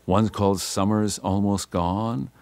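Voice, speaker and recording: A man voicing a laconic young male poet who answers in quiet, low, murmured replies. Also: steady tone, a little slow, dry recording. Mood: laid-back.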